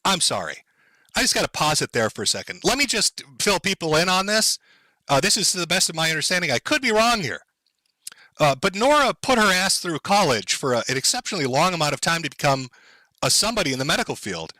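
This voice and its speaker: A man's voice: a little high, very animated, fast talker, pushed and bright, dry recording, low-quality recording. A man live-streaming sarcastic, profane commentary, mocking and sardonic as he reacts to clips.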